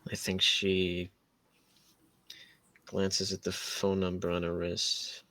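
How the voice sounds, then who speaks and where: A man's voice: low-pitched, monotone, slow, bright, forceful tone, no echo. A man playing a tabletop role-playing game, hesitantly describing what his character does and thinking aloud. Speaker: player.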